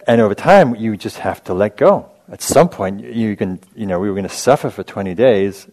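Deep-voiced man giving a relaxed dharma talk. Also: moderate pace. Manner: casual, chatty storytelling with frequent asides; self-amused, laughs at his own anecdotes. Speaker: meditation teacher.

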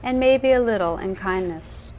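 A woman voicing an enchanted noblewoman bride from an old tale, gentle and earnest in a storybook reading. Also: medium pitch, moderate pace, muffled recording, slight background noise, natural voice. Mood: tender.

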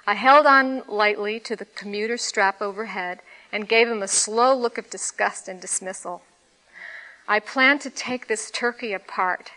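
A woman meditation teacher giving a dharma talk, reading a story aloud with expressive storytelling. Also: mid-range voice, unhurried, low-quality recording. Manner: expressive storytelling, laughing at times.

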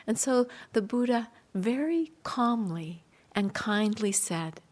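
A woman meditation teacher giving a dharma talk in a gentle, soft-spoken, unhurried way, with light laughter between points. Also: a little high, lively intonation.

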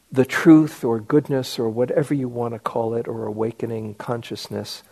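A meditation teacher gives a dharma talk to a room of retreat students. He is a man with a mid-range voice who takes his time, speaking slowly and circling back with gentle restarts. His storytelling carries a self-deprecating humor. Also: medium pitch.

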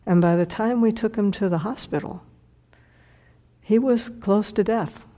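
Mellow-voiced woman giving a dharma talk. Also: mid-range voice, measured pace. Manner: heartfelt storytelling, dropping to a whisper for quoted words. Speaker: meditation teacher.

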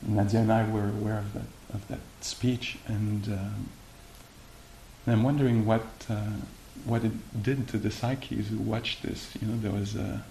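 A man giving a meditation talk and answering questions, speaking haltingly with many fillers and restarts. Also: lowish voice, level tone, creaky, dark tone. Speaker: meditation teacher. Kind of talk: dharma talk and Q&A. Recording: echoey room with faint hiss.

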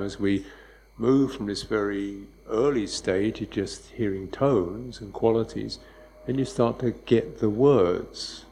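A man giving a dharma talk as a meditation teacher, speaking softly and unhurriedly, with reflective repetitions. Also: on the low side, a little hiss or hum, rough recording.

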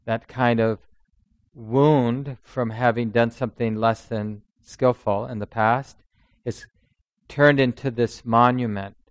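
A man giving a dharma talk as a meditation teacher, reflective and unhurried, often voicing inner thoughts as quoted speech. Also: medium pitch, steady tone, no echo.

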